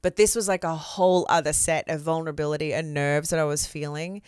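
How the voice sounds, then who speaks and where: Guest: Australian woman, open and expressive, chatty fillers, smooth tone. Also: sits low, brisk, no room sound, clean studio sound. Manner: expressive, candid storyteller with casual fillers. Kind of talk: casual interview chat.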